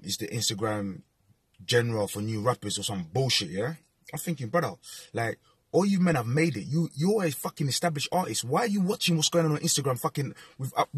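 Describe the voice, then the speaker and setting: Man, angry swearing rant, very husky voice, dry close sound. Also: mid-range voice, no room sound. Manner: heated, swearing, rising rant.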